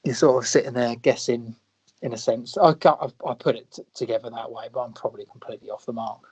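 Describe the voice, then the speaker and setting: Relaxed British man chatting films. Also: mid-range voice, quick pace, slightly rough. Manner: relaxed, laughing, acts out quoted lines. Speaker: podcast co-host. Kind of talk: casual film review chat. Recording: dull lo-fi sound.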